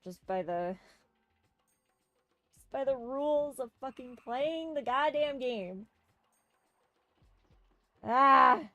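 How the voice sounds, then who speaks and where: A woman's voice: high-pitched, lively intonation, slow, long pauses, dry recording, faint music behind. A woman streamer giving casual, offhand game commentary with some swearing. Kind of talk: casual let's-play commentary.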